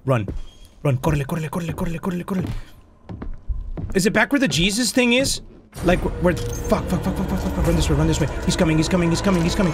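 High, lively young man gaming. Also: fast talker, music in the background. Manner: excitable, profane, mutters to himself and yells at the game. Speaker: gaming video host. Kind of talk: live horror game commentary.

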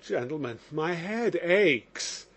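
In audiobook narration, a man with a fairly high, animated voice and a slightly slow delivery plays an impassioned young man accused of murder. He sounds agitated and speaks in exclamations.

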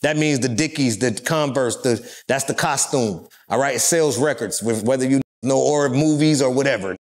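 A middle-aged man from California settles into a long, rambling story as an interview guest. His talk is loose and profane, full of street slang and fillers, and his voice sits at an ordinary, middle pitch for a man. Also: moderate pace.

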